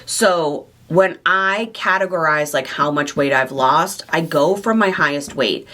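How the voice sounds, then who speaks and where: A woman hosting a question-and-answer vlog to camera, speaking candidly and warmly about her own weight loss journey and her affection for her viewers. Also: low voice, unhurried. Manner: candid, heartfelt, confiding. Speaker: weight loss surgery coach and channel host.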